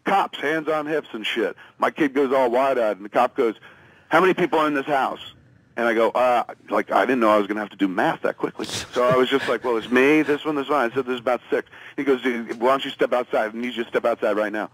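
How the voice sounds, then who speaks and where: A man's voice: medium pitch, quick pace, few pauses, dry recording, rough recording. A man from the US East Coast, a phone-in guest telling a rambling, profane comic story and acting out the lines of the people in it. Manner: rambling, profane, acts out quotes.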